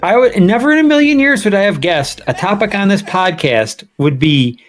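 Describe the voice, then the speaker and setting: Lively, profane male podcast co-host. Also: high-pitched, normal speed, soft background music. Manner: profane, animated, laughing storytelling. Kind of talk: casual sports podcast banter.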